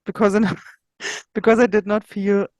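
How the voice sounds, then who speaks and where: Woman guest telling her story, earnest, lots of pauses, mid-pitched voice, dry close sound. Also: level tone, darkish tone, no room sound. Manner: searching, personal storytelling with frequent pauses. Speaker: interview guest. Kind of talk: casual interview storytelling.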